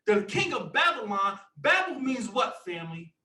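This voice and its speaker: A man teaching scripture to a group in an animated preaching style, sometimes shouting. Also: sits high, normal speed, echoey room, distant mic, rough recording. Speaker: Bible teacher.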